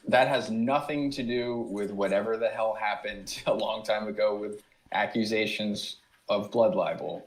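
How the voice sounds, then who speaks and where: A man's voice: fairly low pitch, rough recording. A man appearing as a guest on a podcast, giving blunt, indignant commentary in a casual chat.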